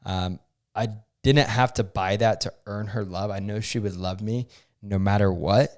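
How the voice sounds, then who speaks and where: Earnest young man, a bit low. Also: steady tone, a little mellow. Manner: earnest, halting, full of fillers. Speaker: podcast co-host. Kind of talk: casual chat.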